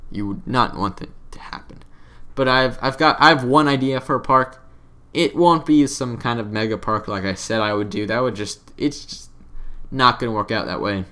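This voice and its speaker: A man's voice: mid-range voice, normal speed, sharp tone. A young man giving casual, rambling commentary over his own game footage, offhand and self-deprecating. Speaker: let's play commentator.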